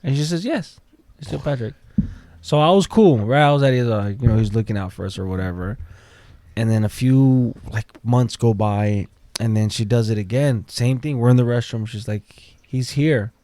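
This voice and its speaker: A man's voice: medium pitch, moderate pace, dark tone, no room sound. Man, podcast guest, casual storyteller, acts out quotes, dry close sound.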